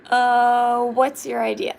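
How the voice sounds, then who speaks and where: A woman's voice: a little high, level tone, slow, gravelly, poor audio. A woman chatting casually on a live stream while painting her nails, giggly and full of fillers. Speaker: livestreaming vlogger.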